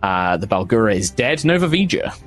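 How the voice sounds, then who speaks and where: A man's voice: lowish voice, big pitch swings, brisk, a bit bright, faint music behind. A man narrating as game master of a tabletop game, rambling with many fillers and restarts.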